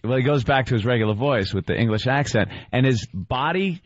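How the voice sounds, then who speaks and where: A man co-hosting a radio show, joking and tossing in quick agreement. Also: mid-range voice, lively intonation, no room sound. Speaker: radio co-host. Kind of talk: casual radio banter. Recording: dry, muffled radio sound.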